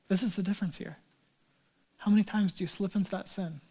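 A male pastor preaching a sermon in a conversational way, swinging between loud emphatic lines and hushed, near-whispered ones. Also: sits high, steady tone, normal speed, long pauses.

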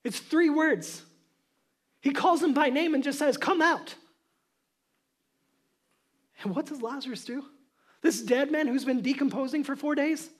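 A male pastor giving a sermon, moving from casual storytelling to loud, emphatic preaching. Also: extremely high pitch, normal speed.

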